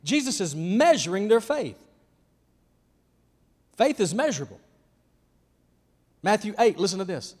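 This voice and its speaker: A man with a high voice preaches to a church congregation, jumping between loud emphatic lines and near-whispers. He calls out to people in the room by name. His voice rings with the long reverb of a big hall. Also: very animated, a little slow, pauses often. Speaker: pastor. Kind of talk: sermon.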